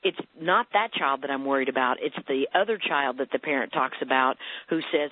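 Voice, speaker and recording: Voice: mid-range voice, fairly quick, few pauses, dry recording. Earnest counselor on a tinny phone line. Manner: earnest, explains with client examples, repeats words. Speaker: family counselor for teens and parents. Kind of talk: radio interview guest. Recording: phone-like narrow radio line.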